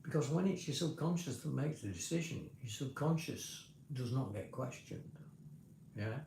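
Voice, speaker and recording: A man's voice: mid-range voice, lively intonation, normal speed, mellow, echoey room, a little hiss or hum. A man vlogger talking casually to a livestream in a rambling, explanatory way, often restarting his sentences. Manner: rambling, self-correcting, explanatory.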